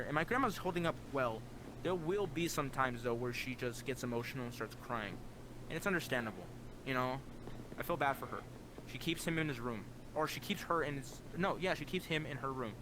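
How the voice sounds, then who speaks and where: A man's voice: medium pitch, noisy background. A young man telling a personal story on a voice chat, earnest and full of "like" fillers, his voice leaping up whenever he quotes himself. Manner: earnest, heavy use of "like" fillers, voice jumps up when quoting himself. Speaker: guest.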